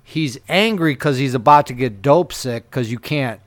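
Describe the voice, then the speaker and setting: A man casually telling a rambling, profane story on a podcast, getting louder and laughing as it goes. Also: mid-range voice, animated, normal speed, no echo.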